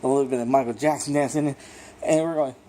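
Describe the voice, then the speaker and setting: A man giving a casual, unscripted movie review, rambling and excitable, swearing freely and filling gaps with "you know" and "like". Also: medium pitch, fast talker, slight background noise.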